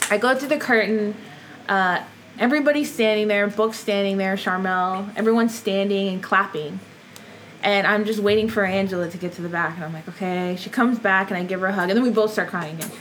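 A young woman, a wrestler guest on a podcast, telling stories in a casual, animated way with lots of "like". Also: medium pitch, slight background noise, rough recording. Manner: animated, laughs often, lots of "like". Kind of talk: casual storytelling interview.

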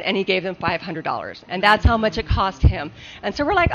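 A woman telling a comic story on a live show, animated and laughing often. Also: medium pitch, brisk, few pauses. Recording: dull lo-fi live recording with faint hiss.

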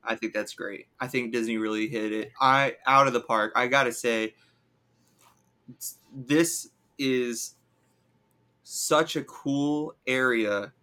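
A man's voice: mid-range voice, steady tone, takes it slowly, bright, forceful tone, clear, resonant tone. A man co-hosting a podcast, chatting casually and enthusiastically, coming down with a cold. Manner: chatty, enthusiastic, filler-heavy. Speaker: podcast co-host. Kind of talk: casual chat.

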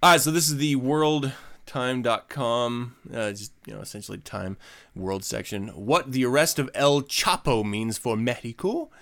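Animated, profane male podcast host. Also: medium pitch, moderate pace, gravelly. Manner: profane, animated ranting with frequent laughs. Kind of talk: casual podcast chat.

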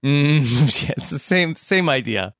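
A man co-hosting a podcast, chatting casually about a reality show, easygoing and halting, with lots of agreeing murmurs. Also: fairly high pitch, lively intonation, a bit bright, no room sound, clean studio sound. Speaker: podcast co-host.

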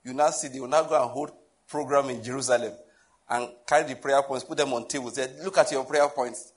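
A Nigerian pastor preaching a sermon in a conversational, humorous way, often asking the listeners questions. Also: male voice, medium pitch, steady tone, brisk.

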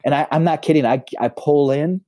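A man with a warm, mellow voice tells stories in a podcast chat. He is a pastor with an outgoing manner who often stumbles and restarts his phrases. The recording is close and dry. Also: brisk, dry recording. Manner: self-described high extrovert. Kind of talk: personal storytelling in casual conversation.

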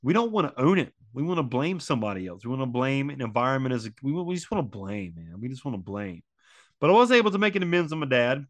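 A man's voice: mid-range voice, sing-song, quick pace, dry recording. A grieving man in his forties talking earnestly about loss, repeating phrases and using many fillers. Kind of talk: emotional personal reflection on loss.

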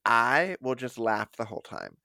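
A man's voice: mid-range voice, animated, moderate pace, creaky, sharp tone, no room sound, clean studio sound. A man co-hosting a podcast, telling a story animatedly with lots of swearing and laughter. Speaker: podcast co-host. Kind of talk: casual podcast chat.

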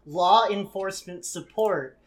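A woman co-hosting a comedy podcast, reading definitions aloud and breaking off with quick sardonic asides. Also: mid-range voice. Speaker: podcast co-host. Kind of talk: comedic reading and riffing on online posts.

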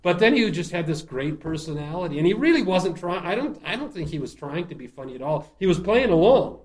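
A man's voice: sits high, brisk. Guy telling funny stories about his murder mystery shows, laughs a lot, trips over his words. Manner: animated, laughs often, frequent restarts. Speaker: murder-mystery show writer and performer. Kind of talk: casual storytelling interview.

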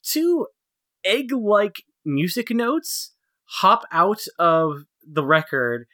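A man's voice: high-pitched, big pitch swings, extremely slow, sharp tone, no echo, studio quality. Laughing, rambling podcast man. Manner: laughs often, rambling with many fillers. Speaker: podcast co-host. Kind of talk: casual chat reviewing cartoons.

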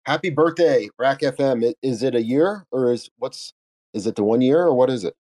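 A man giving short parting remarks as a guest in a casual chat, speaking haltingly with pauses. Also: mid-range voice, warm tone. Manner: hesitant, halting.

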